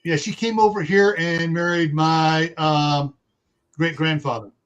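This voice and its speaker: Chatty middle-aged male host with a high voice, laughs easily, reads out viewer comments. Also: fairly even intonation, measured pace, a bit bright, dull audio. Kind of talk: casual livestream chat.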